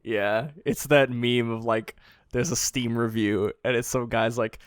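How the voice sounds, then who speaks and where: A mid-pitched man talks slowly in a relaxed podcast conversation, chuckling often and letting his sentences trail off. The sound is dry and close to the mic. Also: clear, resonant tone, dry recording. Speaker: podcast co-host. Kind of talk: casual podcast chat.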